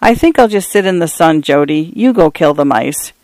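A man voicing a proud elderly pioneer grandfather, gentle and wistful, in an audiobook. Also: fairly high pitch, animated, no room sound. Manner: gentle, slow.

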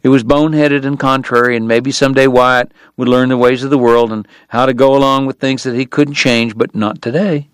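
Man, audiobook narration, measured storytelling, medium pitch, dry sound. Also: steady tone, clean tone, no room sound. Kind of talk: scripted narration.

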